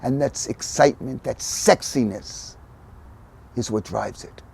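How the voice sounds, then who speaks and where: An older man speaking as a podcast guest, telling stories animatedly, dropping to soft murmurs and rising to loud emphatic bursts. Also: mid-range voice, a little slow, vocal fry, breathy edge. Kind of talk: conversational storytelling.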